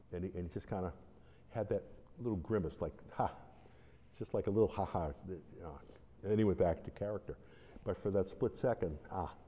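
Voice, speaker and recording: His mellow voice sitting low, the deliverance minister rambles through a conversational teaching talk, restarting sentences, telling stories and performing quotes. Slight background noise and a long hall reverb colour the recording.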